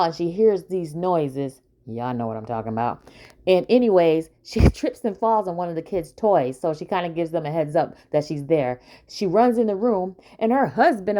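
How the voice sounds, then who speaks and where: A woman's voice: fairly low pitch, dark tone. A woman casually recapping a TV episode, chatty, with many fillers and asides to her viewers.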